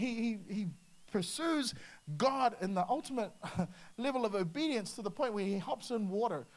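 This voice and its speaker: A preacher giving an energetic, conversational sermon, with frequent restarts and acted asides. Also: mid-range voice. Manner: lively, slips into acted quotes, many restarts.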